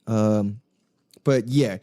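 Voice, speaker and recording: A man's voice: on the low side, extremely slow, warm tone, no room sound, clean studio sound. A young man hosting a podcast, telling music stories in a loose, profane, enthusiastic way with lots of slang and laughter. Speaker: podcast host. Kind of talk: casual solo podcast talk.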